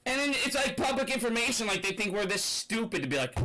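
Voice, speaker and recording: A man's voice: high-pitched, racing, hardly any pauses, pushed and bright, rough recording. A young man giving an angry, profane, rambling rant about finance. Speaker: finance commentator. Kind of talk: ranting commentary.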